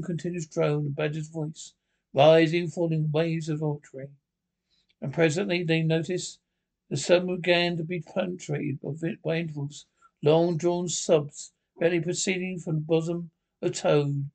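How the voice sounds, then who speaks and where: Gravelly man reading a storybook aloud. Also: a little high, a little mellow. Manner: stumbling, self-correcting reading. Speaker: narrator.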